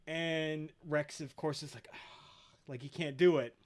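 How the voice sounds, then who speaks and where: A man's voice: fairly high pitch, steady tone, a little slow. A man hosting a podcast, retelling episodes casually with lots of swearing and quoted voices. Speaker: podcast host. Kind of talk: casual chat.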